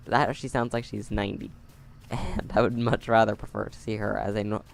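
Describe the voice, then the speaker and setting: A man's voice: fairly low pitch, flat delivery, normal speed, creaky, a little hiss or hum. A man playing a video game at home and talking through it on a close mic, chatty and sarcastic with wry asides. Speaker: game player. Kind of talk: let's play commentary. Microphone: close desk mic.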